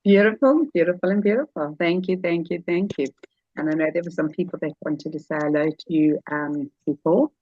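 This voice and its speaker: A woman's voice: on the low side, a little fast, dark tone, dry recording, dull audio. A woman hosting a video call, effusive with thanks and praise. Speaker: host.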